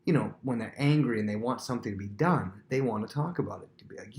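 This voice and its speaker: A man's voice: mid-range voice, quick pace, few pauses, a little mellow. A man teaching a recorded Bible lesson in a conversational way, acting out scenes and often repeating himself.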